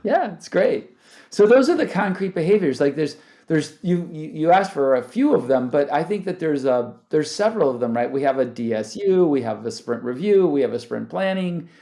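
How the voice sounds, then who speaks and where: A startup founder appears as a podcast guest in a conversational interview, talking animatedly, often restarting sentences and laughing. His voice is on the high side and warm, with lively intonation and a moderate pace.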